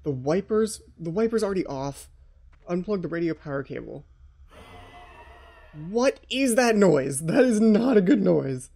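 A man's voice: sits high, animated, unhurried, vocal fry, warm tone. A man hosting a let's play, giving jittery, frightened commentary on a horror game and talking to himself.

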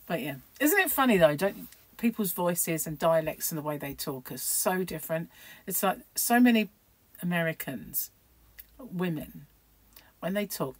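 Middle-aged woman, casual vlogger, low-ish tone, dry close sound, meandering and self-deprecating. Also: sing-song, unhurried, slightly rough, no echo, poor audio. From United Kingdom. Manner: rambling, chatty, self-mocking, fond of asides. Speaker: crochet vlogger. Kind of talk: casual chat to camera.

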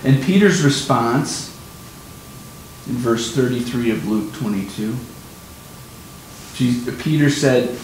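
A man's voice: slow pace, pauses often. A man preaching a sermon on scripture, explaining emphatically and repeating his key points. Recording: very echoey room, faint rumble.

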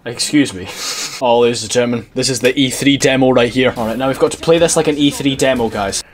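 A man's voice: mid-range voice, quick pace. A young man giving sarcastic, profane let's-play commentary on a video game, laughing often. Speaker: gaming video creator.

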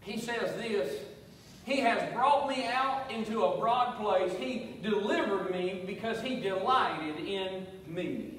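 A man's voice: sits high, slow pace, fairly bright tone, a little hiss or hum. A male pastor preaching an emphatic sermon in a church, repeating key phrases and calling on the congregation to answer back. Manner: emphatic preaching with call-and-response and repetition. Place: church sanctuary. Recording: echoey church hall, voice from far off.

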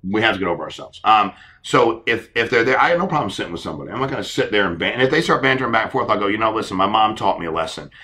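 A man's voice: lowish voice, rapid-fire, few pauses. A middle-aged man answering questions on a live panel as an insurance agency leader, telling stories earnestly and acting out conversations. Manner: earnest, animated storytelling, acts out conversations.

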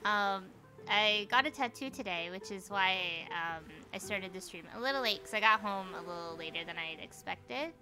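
A young woman streaming from home, chatting casually over gameplay, excitable and swearing freely. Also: mid-range voice, normal speed, soft background music. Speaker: live streamer. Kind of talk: casual live gameplay commentary.

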